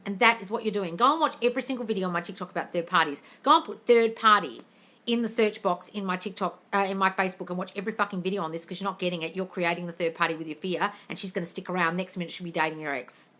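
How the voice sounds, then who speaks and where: Bright-voiced woman, live-stream host, blunt and sweary, scolds her viewers. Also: fairly low pitch, quick pace. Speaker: host answering live chat questions.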